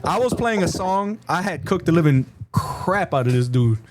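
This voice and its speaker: A man hosting a debate show, talking in a casual, animated, trash-talking way. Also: high-pitched, normal speed, noisy background.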